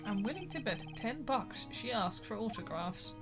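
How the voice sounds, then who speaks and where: A woman streamer chats and jokes her way through a video game, reading its text aloud as she goes. Her voice sits a bit high. Her tone is casual and playful. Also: lively intonation, moderate pace, over music. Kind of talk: casual let's-play chat.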